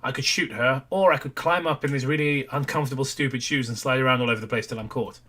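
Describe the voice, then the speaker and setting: Male reaction host, middle pitch, dry sarcasm, casual swearing. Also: fairly even intonation, fast, a bit bright. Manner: sardonic, critical, swears casually.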